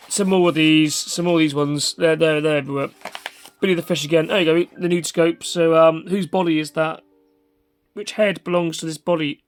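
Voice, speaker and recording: A man's voice: fairly high pitch, gravelly. A man hosting a casual, rambling video review, off-hand and chatty with mild swearing. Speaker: vlog host.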